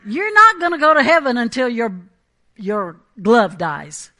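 A woman's voice: a little high, wildly swooping pitch, measured pace, pushed and bright. A woman preaching a Pentecostal sermon, emphatic and conversational, often checking in with the congregation.

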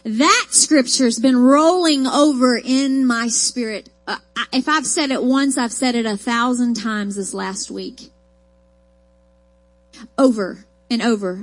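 Woman preacher, folksy and emphatic, fairly high voice. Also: takes it slowly. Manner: emphatic, folksy storytelling with rising declarations. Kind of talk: sermon with personal testimony.

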